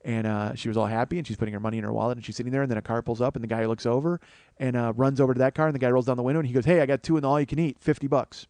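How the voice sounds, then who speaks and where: A man spins a comic story in a monologue and jumps into other people's voices as he goes. His pitch sits in the middle, and the sound is dry and close, with no room around it. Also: fairly even intonation, rapid-fire, a little mellow, no echo. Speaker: comedian host.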